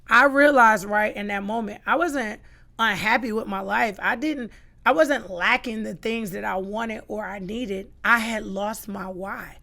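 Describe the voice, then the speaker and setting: Podcast guest, middle-aged woman, gravelly edge, mid pitch, emphatic testimony. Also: normal speed, sharp tone. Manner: emphatic storytelling, acts out quoted lines.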